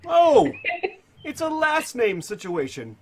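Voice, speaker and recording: A man playing a flamboyant male adventurer who talks in a grand, formal way and shouts everything. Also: extremely high pitch, wildly swooping pitch, slow, gravelly, a little hiss or hum, pitched above the performer's own voice, heavily acted. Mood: cheery.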